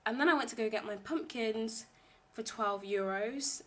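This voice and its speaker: A woman's voice: fairly high pitch, normal speed, fairly bright tone. A young woman chatting casually in a vlog, rambling with lots of fillers. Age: young adult. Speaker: vlogger teaching abroad. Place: home kitchen, indoors.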